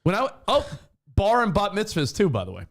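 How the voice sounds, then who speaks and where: Animated profane talk-show co-host. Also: male voice, high voice, fairly quick, gravelly. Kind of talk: casual talk-show banter.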